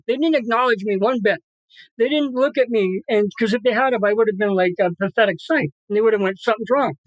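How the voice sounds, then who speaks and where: A man's voice: sits high, no room sound, low-quality recording. A man guesting on an interview podcast, telling a personal story emphatically and acting out what others said. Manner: vivid storyteller who acts out what others said; emphatic, repeats words for stress.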